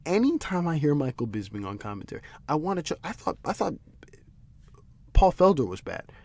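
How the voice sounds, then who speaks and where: A man hosts his own commentary podcast and rants with heated profanity. His pitch swings widely as he repeats words and restarts sentences in frustration. The recording is dry, with no room sound around him. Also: big pitch swings, a little fast, creaky, darkish tone, no echo. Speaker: podcast host.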